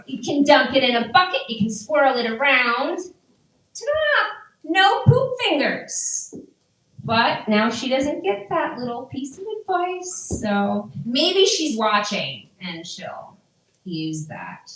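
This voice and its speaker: A middle-aged woman doing a stand-up comedy set before a live audience, delivering dry, deadpan one-liners. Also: high-pitched, slow pace, a little hiss or hum. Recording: echoey room from far off.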